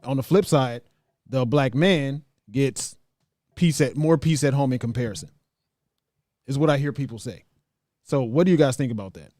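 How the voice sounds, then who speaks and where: A man's voice: medium pitch, normal speed, long pauses, dark tone, dry recording, studio quality. A man hosting a casual podcast chat, reading out viewer comments in an easygoing, hesitant way.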